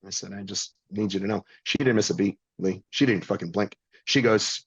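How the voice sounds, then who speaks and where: Blunt, profane man in his fifties, husky voice, dry muffled recording. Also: lowish voice, brisk, hardly any pauses, no room sound. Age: 50s. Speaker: guest. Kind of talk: casual storytelling.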